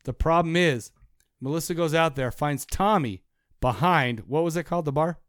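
Rambling, profane podcast host. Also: male voice, a little high, normal speed, clean tone, no room sound, clean studio sound. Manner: rambling, profane, laughs a lot. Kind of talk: casual chat.

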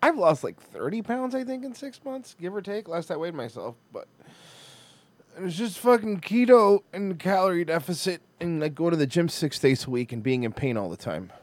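Lively, swearing livestream host man. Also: on the high side, normal speed, no echo. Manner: animated, swears freely, reacts loudly. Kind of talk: casual livestream chat.

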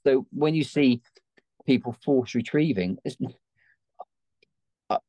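A man's voice: mid-range voice, takes it slowly, mellow, dry recording, muffled recording. An Englishman who trains gun dogs, a guest in a conversational interview, explaining his methods emphatically. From England.

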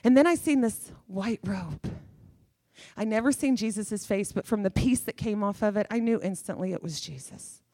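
A woman's voice: medium pitch, moderate pace, warm tone, no echo, clean studio sound. A middle-aged woman preaching a sermon with fervor, emphatic and repeating phrases for effect.

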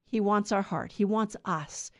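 A woman's voice: medium pitch, unhurried. A woman reading a gospel passage and then giving a chatty, conversational homily with small laughs. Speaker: preacher giving a gospel reflection. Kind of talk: informal homily.

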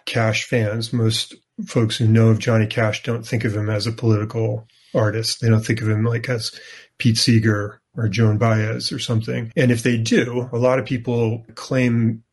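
Male author guest, measured explainer, husky flat voice. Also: fairly low pitch. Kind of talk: interview answers.

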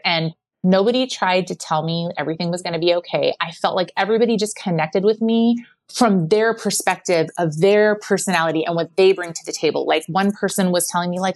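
A middle-aged woman opens up as a podcast guest, her voice sitting on the low side for a woman. She tells her stories in a candid, animated way, full of "like"s. The sound is close and dry, with little room around it. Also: no room sound. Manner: candid, animated storytelling with many "like"s. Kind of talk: personal conversation.

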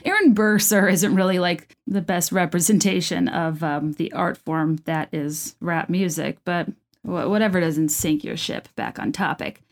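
Her voice is fairly low with fairly even intonation, and she speaks a little slowly. She's a video creator at home giving casual, enthusiastic commentary on a musical, chatting freely with plenty of fillers and restarts.

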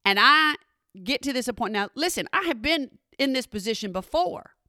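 A middle-aged woman with a high, bright voice tells a personal story to her followers. She is dramatic and animated, and she addresses her listeners directly. The sound is dry and close. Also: moderate pace, no echo. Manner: animated, dramatic, talks straight to the audience.

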